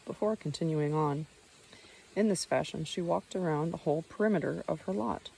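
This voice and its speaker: Mellow low-voiced woman narrating a book. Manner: steady reading with occasional slips and footnotes read aloud. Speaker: audiobook narrator. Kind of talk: audiobook narration.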